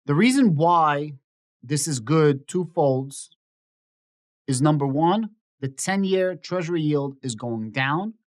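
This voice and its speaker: A man's voice: fairly high pitch, expressive, slow pace. A man hosting his own finance channel, giving casual market commentary in an explanatory, opinionated way and often repeating that he predicted things. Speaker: stock market YouTuber.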